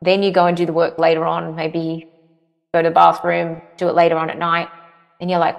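Woman, earnest interview guest, lowish voice, long room echo. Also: completely flat delivery, fairly quick, creaky. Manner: earnest, repeats phrases for emphasis. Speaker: parenting guest. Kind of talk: conversational interview answers.

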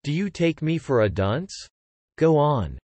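A man's voice: fairly high pitch, big pitch swings, unhurried, dry recording. A man voicing an impatient, angry male king in a storybook reading. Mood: sharp. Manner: sharp, bullying.

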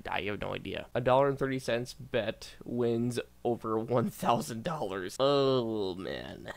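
A man's voice: mid-range voice, vocal fry. A man doing casual reaction commentary as a YouTuber, reading posts aloud, stumbling over words and bursting out in disbelief.

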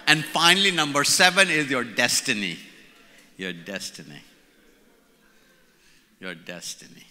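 An Indian-accented man in his sixties addresses a church leadership conference, playful and fond of repeating his key words. His voice is very bright and cutting, at a middle pitch. It rings through a large hall with a long echo. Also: very animated, unhurried. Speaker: conference speaker. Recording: reverberant hall.

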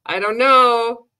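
A woman's voice: fairly high pitch, sharp tone, clean tone. Blunt, sarcastic woman. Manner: sarcastic, blunt, swears often, laughs between remarks. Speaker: commentator reacting to a sales pitch. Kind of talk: casual commentary.

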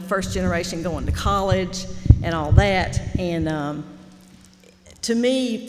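A middle-aged woman, telling a candid, animated story while teaching a fiction master class. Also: on the low side. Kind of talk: storytelling lecture. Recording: reverberant lecture hall.

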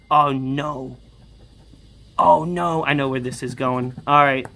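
A young man chatting through a scratch-off lottery vlog, repeating catchphrases and breaking into high excited yells. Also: measured pace. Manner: bursts into high shouts and sing-song yells when winning; chatty, repeats catchphrases like "holy smokes" and "booyah". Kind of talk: casual excited vlog commentary.

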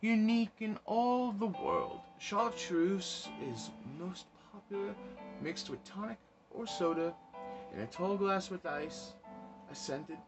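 A man's voice: sits high, lively intonation, slow pace, pitched above the performer's own voice, exaggerated voice. A man putting on a playful British accent to read a product label aloud like a grand announcer. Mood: mock-grand. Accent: put-on British. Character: mock-British male announcer reading a label. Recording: music playing behind.

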